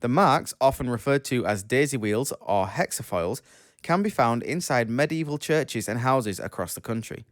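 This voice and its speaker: A man's voice: medium pitch, lively intonation, normal speed, dry recording. Dry matter-of-fact man, close and dry. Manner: dry, matter-of-fact, reads stories aloud with small stumbles. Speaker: podcast co-host. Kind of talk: casual chat and news reading.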